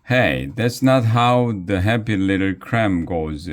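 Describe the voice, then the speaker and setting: A man's voice: fairly low pitch, expressive, slow. A man voicing an indignant schoolboy who complains to a friend in a children's story. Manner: yelling, indignant.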